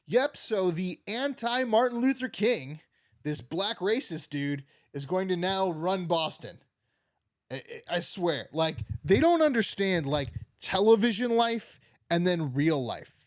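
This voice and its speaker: Young male comedy podcast host, sarcastic and rambling, slightly high voice, dry close sound. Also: lively intonation, a little slow, dry recording. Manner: rambling, sarcastic, filler-heavy. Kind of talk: unfiltered political comedy monologue.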